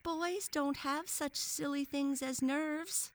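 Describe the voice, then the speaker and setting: A woman voicing a thoughtless young boy who protests in a high, whiny voice. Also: expressive, drawn-out words, a bit bright, heavily acted.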